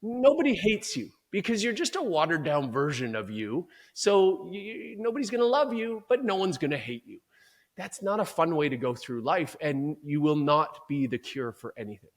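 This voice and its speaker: Man, fairly high voice, performance coach, emphatic and energetic, motivational interview talk. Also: normal speed.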